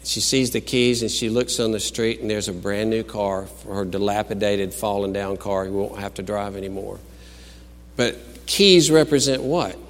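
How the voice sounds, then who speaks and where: A man preaching a sermon, swinging between loud exclaimed peaks and quiet, musing storytelling. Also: on the low side, steady tone, moderate pace, long reverb tail. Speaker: pastor.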